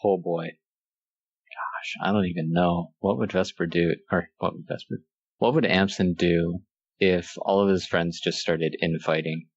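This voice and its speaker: A very deep-voiced man talks through his move in a tabletop game, hesitant and thinking out loud. The sound is dry and dull, like a lo-fi home recording. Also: steady tone, unhurried, breathy edge, dry recording. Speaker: player. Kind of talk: casual tabletop play.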